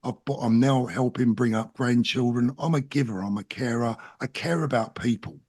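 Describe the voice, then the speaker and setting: A man's voice: medium pitch, moderate pace, a little mellow. A middle-aged man with a South London accent, a guest talking in an interview in an earnest, plain-spoken and emphatic way. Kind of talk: casual interview talk.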